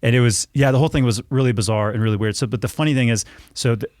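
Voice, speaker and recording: A man's voice: mid-range voice, very fast, darkish tone, no room sound, clean studio sound. A man in his thirties, a podcast guest telling a casual story with lots of restarts and self-corrections. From United States.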